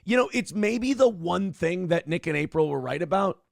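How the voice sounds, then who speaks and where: A man with a gravelly, fry-laden voice tells stories in a casual chat, swinging his pitch all over the place. He swears freely and acts out what others said with sudden jumps in his voice. The sound is close and dry, with no room around it. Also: expressive, moderate pace, no echo. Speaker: podcast host.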